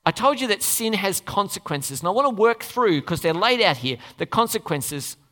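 A preacher delivering a sermon in an expressive way, acting out the characters of the scripture story. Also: mid-range voice, moderate pace. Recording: long reverb of a large hall.

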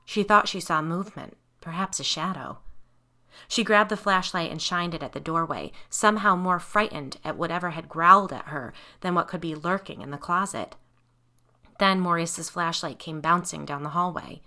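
A woman reads a horror novel aloud in a steady, even style. Her tone is bright and forceful, and her pitch sits low for a woman. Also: normal speed. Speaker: audiobook narrator. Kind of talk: scripted narration of a horror novel.

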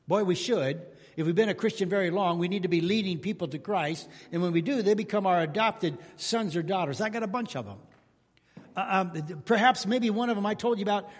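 A pastor preaching a sermon to his congregation, telling folksy stories and rising to loud exclamations. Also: high voice. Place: church sanctuary. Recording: long hall reverb in church.

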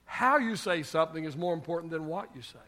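A man's voice: a little high, expressive, fast, sharp tone. An older man preaching a sermon on marriage as pastor, telling folksy family stories and building to emphatic exhortation.

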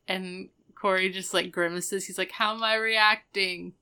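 Slow-talking bright woman recapping a show. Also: on the low side, fairly even intonation, clear, resonant tone. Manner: retells scenes by acting out characters' lines. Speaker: podcast co-host recapping a sitcom. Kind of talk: casual chat.

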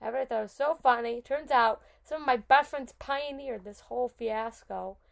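A young adult woman hosting a podcast, telling stories in a chatty, animated way full of "like" and "oh my God". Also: a little high, brisk, gravelly. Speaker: podcast host. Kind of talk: casual storytelling.

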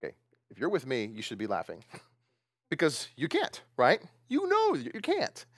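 Animated preacher man, lively questioning. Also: medium pitch, moderate pace, no room sound, clean studio sound. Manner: lively, questioning the congregation, laughing often. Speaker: pastor. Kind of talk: sermon.

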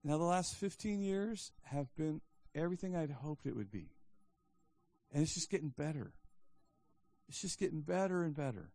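A man's voice: a little high, lively intonation, moderate pace, mellow, dry recording. A male pastor giving a sermon in a conversational storytelling style, often restarting his sentences.

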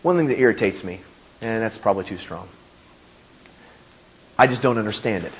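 A man's voice: lowish voice, moderate pace, slightly rough. A man preaching a sermon as pastor, speaking emphatically with repeated phrases and questions to his congregation.

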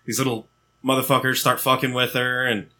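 A man's voice: medium pitch, flat delivery, brisk, sharp tone, a little hiss or hum. A man chatting on a podcast, rambling through stories with lots of like. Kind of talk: casual podcast banter.

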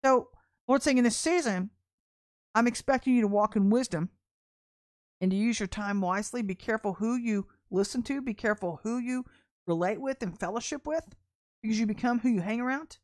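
A woman's voice: on the high side, a little fast, darkish tone, no echo, studio quality. A woman preaching a sermon in a blunt, conversational and emphatic way.

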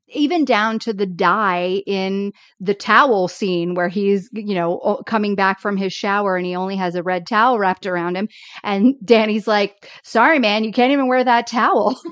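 A woman's voice: mid-range voice, normal speed, smooth, no echo, highs cut off. A woman co-hosting a podcast, chatting casually about old sitcom episodes and acting out characters' lines when she quotes them. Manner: animated, acts out characters' lines when quoting. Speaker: podcast co-host. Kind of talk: casual chat recapping TV episodes.

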